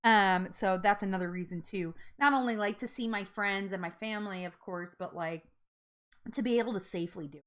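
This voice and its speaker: A woman hosting a casual live-stream chat, bubbly and chatty, laughing often and reacting out loud to viewer comments. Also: medium pitch, fairly quick.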